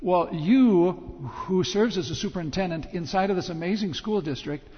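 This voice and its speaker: A male pastor with a notably high voice questions a guest in front of his congregation. He hesitates and repeats words as he works his way through each question. The sound is muffled and lo-fi, with a long reverb from the sanctuary. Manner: halting, repeats words while forming questions. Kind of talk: interviewing a guest before a congregation. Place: church sanctuary.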